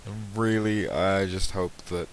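A man's voice: low-pitched, fairly even intonation, measured pace, slight background noise, poor audio. A young man from the English Midlands with a Midlands accent, hosting a casual gaming channel intro in a rambling, self-mocking way with lots of hesitations. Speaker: let's play channel host.

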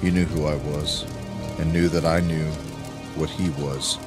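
A man narrating an audiobook in a grave, emphatic way with dramatic pauses. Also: a bass voice, fairly even intonation. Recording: music playing under the voice.

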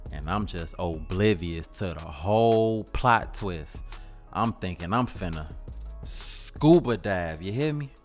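A man's voice: sits low, slow pace, soft background music. A man with a Chicago accent telling a comedic story in slang, jumping into voices. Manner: slangy, animated, switching into voices. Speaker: comedy skit narrator.

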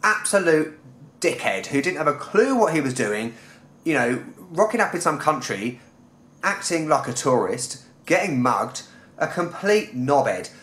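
A young man from London rants about fellow travellers in a comic vlog, sarcastic and exasperated, with plenty of swearing. His voice sits a little high for a man. The room around him echoes noticeably. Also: sing-song, measured pace, fairly bright tone. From London, England. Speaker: travel vlogger.

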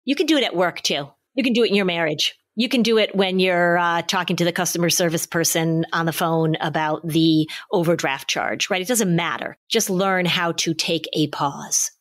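A middle-aged woman hosting a podcast, giving calm, practical, reassuring parenting advice in casual chat. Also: lowish voice, normal speed, few pauses. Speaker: podcast host, parenting expert.

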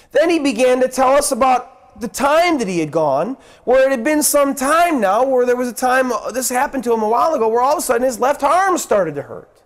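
A male pastor preaching a sermon, telling a story and acting out the voices in it, then dropping low and soft to appeal to the listeners.

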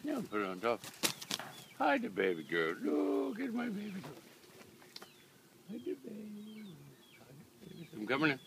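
Man coaxing animals in high baby talk. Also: wildly swooping pitch, fairly quick, vocal fry. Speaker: vlogger at a ranch. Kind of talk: casual chat while feeding animals. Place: outdoor ranch. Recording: noisy outdoor recording.

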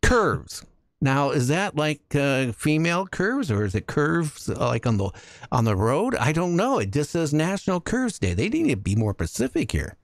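A man hosting a casual talk radio show, telling jokey stories with lively energy. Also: a little high, moderate pace, creaky, no echo, studio quality. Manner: animated storytelling, jokey.

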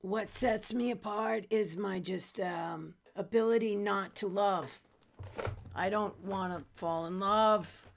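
A woman's voice: mid-range voice, steady tone, creaky. A woman playing a crude, desperate female contestant on a dating show in a comedy sketch. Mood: pleading. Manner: brash and lewd, drawn-out delivery.

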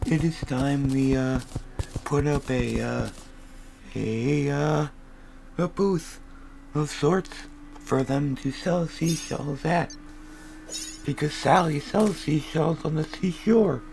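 A young man giving rambling comic gameplay commentary, goofy and full of random tangents with deadpan asides. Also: fairly high pitch, takes it slowly, creaky, long pauses, slight background noise, rough recording. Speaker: gaming video creator.

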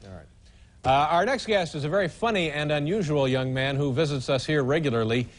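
A man's voice: fairly high pitch, brisk. A man hosting a talk show, bantering and giving introductions in a dry, teasing way.

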